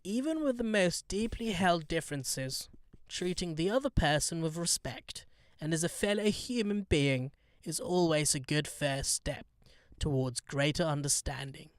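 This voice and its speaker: A man doing a stiff, slow impression of an elderly queen giving a formal holiday address. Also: on the high side, lively intonation, no echo, clean studio sound. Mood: stately.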